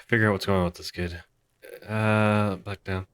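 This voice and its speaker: Low-voiced guy streaming a game, unsure and joking at himself, reading lines out. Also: flat delivery, unhurried, clear, resonant tone. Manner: hesitant, self-deprecating, reads dialogue aloud. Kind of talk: casual let's-play commentary.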